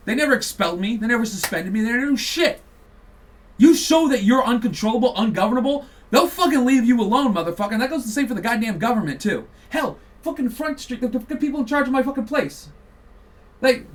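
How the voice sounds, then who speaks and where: High-voiced man ranting, heavy swearing. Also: distant mic. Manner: heated, sweary, mocking. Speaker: podcast host. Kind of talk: profane political rant.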